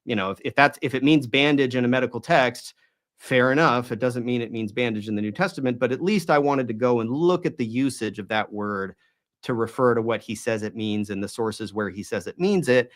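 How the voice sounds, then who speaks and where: A man being interviewed, speaking in a conversational way with many restarts and rhetorical questions. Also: mid-range voice. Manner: talks in halting restarts and hedges, often asks rhetorical questions. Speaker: guest.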